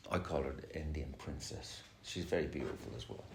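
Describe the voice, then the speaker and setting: At a recovery meeting, a middle-aged man gives a rambling, candid share thick with profanity. His extremely low voice is creaky and a little mellow, fairly quick, and the room echoes with faint noise.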